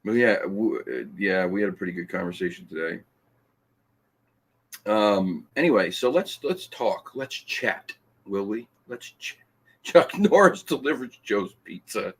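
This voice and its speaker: A man with a deep, expressive voice hosts a casual podcast live stream, speaking a little slowly. He reads the live chat aloud, teasing and laughing often, and stumbles into restarts.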